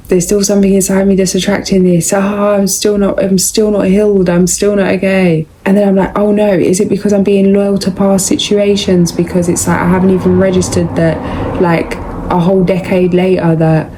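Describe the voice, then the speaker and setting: A woman's voice: medium pitch, little pitch movement, normal speed, dark tone, slight background noise, low-quality recording. A young woman giving a casual, rambling tarot reading, chatty and full of slang. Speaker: tarot reader.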